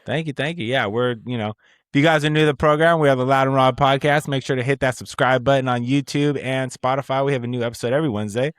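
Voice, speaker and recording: A man's voice: medium pitch, fairly even intonation, quick pace, clear, resonant tone, no echo. A young man hosts a podcast in loose, joking chat, laughing often and swearing offhandedly. The recording is dry and close. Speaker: podcast host. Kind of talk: casual chat.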